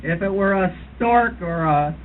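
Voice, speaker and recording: A man's voice: high voice, unhurried. A man doing a know-it-all bird-walk leader. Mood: lecturing. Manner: mock-authoritative lecturing, imitates bird calls. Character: fussy older male birding tour leader. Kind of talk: comic impression at a roast dinner. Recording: tinny lo-fi 1970s tape with hiss.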